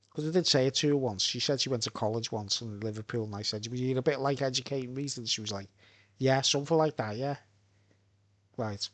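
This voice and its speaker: Merseyside man, rambling live talker, mid-pitched, keeps checking in with the listener. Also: no echo. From Birkenhead, England. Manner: rambling, tag questions, asides. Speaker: vlogger.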